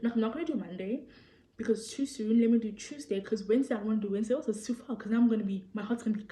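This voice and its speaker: A young South African woman with a South African accent, telling a story to the camera in an animated, excitable way and acting out what people said. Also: on the high side, rapid-fire. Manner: animated, excitable storytelling, acts out quoted people, repeats phrases. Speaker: vlogger. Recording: echoey room.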